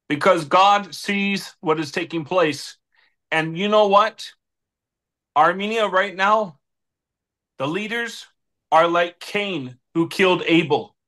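Man, high bright voice, fervent preaching tone, emotional interview guest. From United States. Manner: preaching, emotional, repeats pleas to God. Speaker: guest, political adviser. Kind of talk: impassioned interview plea.

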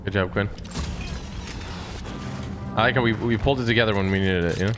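A man streaming a battle royale game with friends, making rapid, excited callouts. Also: on the low side, over music. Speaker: streamer calling plays. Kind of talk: live game commentary with friends. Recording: loud game gunfire behind voice.

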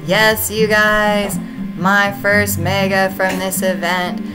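Woman gaming host, excitable, slow-paced delivery, background music. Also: medium pitch, poor audio. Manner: gushing, excitable, keeps addressing "you guys". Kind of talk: casual game commentary to viewers.

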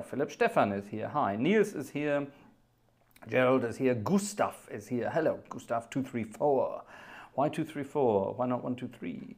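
A man hosting a live music stream, who greets viewers in a playful, jokey and chatty way. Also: medium pitch. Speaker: livestream host and organist. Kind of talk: casual livestream chat greeting viewers.

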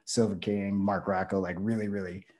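A man's voice: sits low, flat delivery, moderate pace, darkish tone. A male pro wrestler talking casually as an interview guest, rambling with lots of fillers and restarts.

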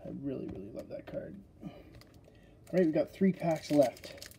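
A man hosting a casual card-opening video, chatty and excitable as he talks straight to his viewers. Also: on the high side, unhurried, background noise. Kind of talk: casual unboxing commentary.

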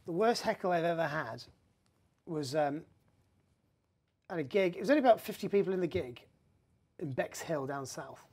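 A male stand-up comedian, a guest, telling anecdotes in casual chat in a lively way. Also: on the high side, moderate pace, pauses often, breathy edge. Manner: lively storyteller, acts out voices.

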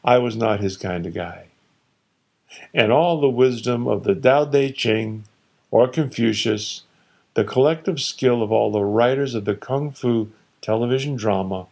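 A man reading his own story aloud in a wry, deliberate, measured way. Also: on the low side, vocal fry, darkish tone.

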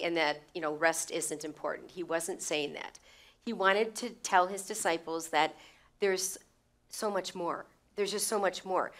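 A woman's voice: on the low side, fairly bright tone. A woman teaching a Bible lesson in a conversational way, repeating phrases for emphasis and checking in with her listeners. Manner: conversational, with stumbles and restarts.

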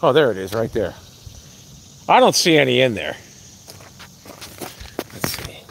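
An excitable man rambles to his live-stream viewers from outdoors, his voice picked up by a phone. His pitch swings widely as he chatters and swears. Faint insect and outdoor ambience sits under him. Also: unhurried, vocal fry, slight background noise. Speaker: livestreamer. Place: outdoors by a hill.

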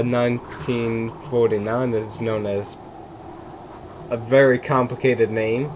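A man's voice: medium pitch, background noise. A man giving nervous, jittery commentary as he plays a game, muttering and then exclaiming. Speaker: let's play gamer. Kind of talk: gaming commentary.

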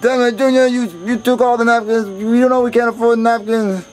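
Cranky scolding chef, a man doing a weak impression, high-pitched, for a comedy skit. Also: level tone, brisk, faint music behind, rough recording. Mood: angry. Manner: bad-tempered scolding. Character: grumpy adult male chef, an impression.

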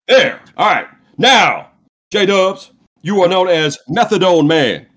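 A high, husky man hosts a podcast quiz game. He drawls slowly and swings his pitch all over while cracking crude, self-mocking jokes. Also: lively intonation, fairly bright tone, soft background music. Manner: crude, giggly, self-mocking, drawn-out delivery. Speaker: host running a quiz game. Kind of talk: loose comedic podcast banter.

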